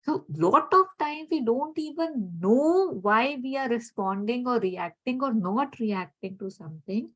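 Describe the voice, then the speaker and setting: A woman with a fairly high voice talks through her ideas in a calm, thoughtful manner. She gently searches for words as she goes and often leans on "you know". Her tone is that of a relaxed, reflective conversation. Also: a little slow, few pauses, low-quality recording.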